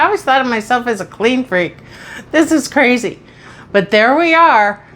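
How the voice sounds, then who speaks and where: A woman's voice: a little high, lively intonation, normal speed, a bit bright. A woman in her sixties giving a chatty, upbeat tour of her closet in a casual home vlog. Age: 60s. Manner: chatty and upbeat, exclaiming as she shows things. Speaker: vlogger. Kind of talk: casual show-and-tell vlog.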